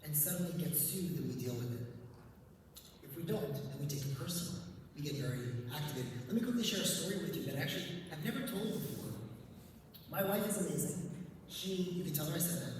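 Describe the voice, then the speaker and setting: A man, a rabbi, giving a conference talk to a live audience and telling a story with gentle humor. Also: fairly high pitch, quick pace, a little hiss or hum. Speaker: rabbi and speaker on couples. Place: large event hall. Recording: echoey hall, distant mic.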